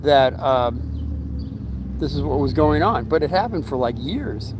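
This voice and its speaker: A middle-aged man tells a long, rambling story in a casual vlog from his home, using fillers and restarts and briefly acting out the voices of the people involved. His voice is medium-pitched with lively intonation and a measured pace, and there's some background noise.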